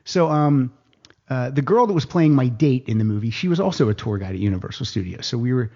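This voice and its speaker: A man telling a casual anecdote on a podcast, animated, jumping higher in pitch when he quotes people. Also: fast talker, lo-fi sound. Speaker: guest storyteller.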